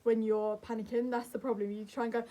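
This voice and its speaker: Young woman talking to camera, soft and soothing, pitched a bit high. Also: little pitch movement, quick pace. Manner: gentle, earnest, soothing. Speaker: mental health vlogger. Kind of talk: calm advice talk to camera.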